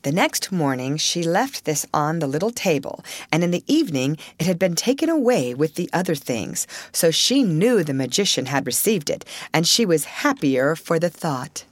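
Woman narrator, audiobook, lowish voice, lively pitch, dry sound. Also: no echo. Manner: expressive, measured.

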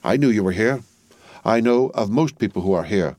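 A man's voice: expressive, moderate pace, no echo, close to an everyday voice. A man doing a curt, furtive brother. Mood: furtive irritable. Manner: curt, low and hushed. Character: furtive, irritable man hiding as an official.

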